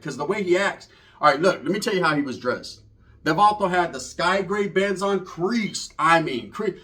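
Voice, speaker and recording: A man's voice: high voice, pushed and bright. A man telling a rambling, profane street story in casual slang, full of asides. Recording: voice from far off the mic.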